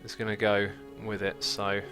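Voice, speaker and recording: A man's voice: lowish voice, completely flat delivery, moderate pace, music in the background. A man hosting a gaming livestream, chatting casually, laughing often and reading out donations and chat messages. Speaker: streamer host.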